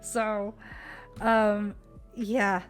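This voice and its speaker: A woman's voice: medium pitch, flat delivery, extremely slow, soft background music. A young American woman streamer chatting casually about a trip, giggly and full of fillers. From United States.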